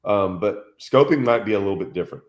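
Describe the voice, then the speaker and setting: A man telling a lively story in casual chat, acting out quotes and laughing often. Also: on the low side, fast talker. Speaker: fishing channel host.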